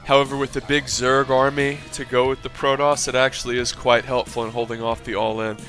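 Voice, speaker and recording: A man's voice: mid-range voice, little pitch movement, brisk, a bit bright, soft background music. A man commentating his own game match with brash, profane ranting asides. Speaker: gameplay commentator.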